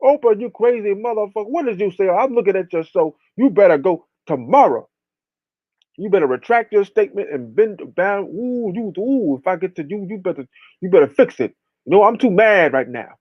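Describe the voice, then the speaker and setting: A man's voice: high voice, huge pitch swings, a little fast, husky, no echo, muffled recording, pitched above the performer's own voice, full character voice. A man voicing a furious male meat-industry boss who sputters threats and curses. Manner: yelling threats, sputtering and cursing.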